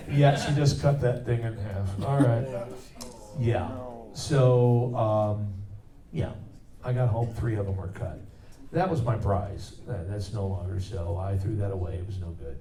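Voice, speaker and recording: A man's voice: fairly low pitch, unhurried, warm tone. A middle-aged man who works as a voice actor, telling loose, rambling anecdotes at a convention Q&A. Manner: loose, rambling, with many fillers. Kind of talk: anecdotal storytelling. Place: convention hall. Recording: echoey hall from far off, faint noise.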